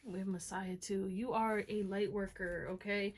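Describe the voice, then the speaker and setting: A woman's voice: mid-range voice, fairly even intonation, moderate pace. A woman giving a casual pick-a-card tarot reading, talking straight to her viewers with lots of "okay?" and "you know what I'm saying?". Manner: slang-flavored, encouraging, talks to viewers as y'all. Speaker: tarot reader.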